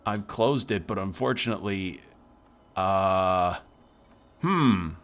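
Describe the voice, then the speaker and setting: A man's voice: sits low, slow pace, fairly bright tone, slight background noise. A man streaming a video game, chatting casually and swearing freely as he plays. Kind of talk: casual gameplay commentary.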